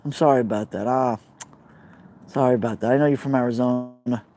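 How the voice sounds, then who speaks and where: A man's voice: medium pitch, fairly even intonation, fairly quick, warm tone. A man with a Brooklyn accent, live streaming outdoors by a fire pit, rambling casually and answering viewer comments. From New York.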